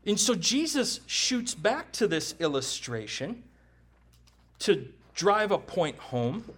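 A man with a notably high voice preaches with conviction, pressing his points home with rhetorical questions. He keeps it conversational and throws in quick jokes. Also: sing-song, a bit bright, slight background noise. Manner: jokes with the congregation. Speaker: pastor. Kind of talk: sermon.

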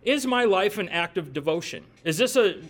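Folksy man preaching, fairly high voice. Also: expressive, normal speed, a bit bright. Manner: folksy, asks the listeners questions, jokes in asides. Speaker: pastor. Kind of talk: conversational sermon.

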